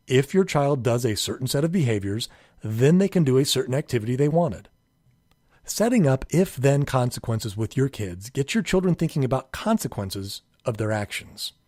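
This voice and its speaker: A man's voice: no room sound, clean studio sound. Earnest man narrating a parenting course. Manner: calm, earnest, acts out children's pleas in a higher voice. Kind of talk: scripted instructional narration.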